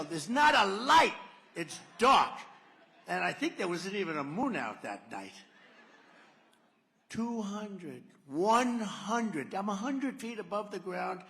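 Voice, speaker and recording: At a large rally venue, a political candidate gives a rambling, sarcastic campaign speech, digressing into stories and acting out quotes. His voice is a little high, gravelly, and sharp in tone. Echoey hall reverb colors the recording.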